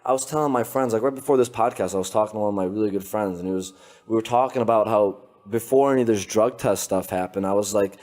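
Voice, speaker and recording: Podcast guest: young man, low voice, casual, rambling delivery full of fillers. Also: fast talker. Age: young adult. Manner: loose, animated, full of filler words and laughter. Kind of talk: casual storytelling. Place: his apartment.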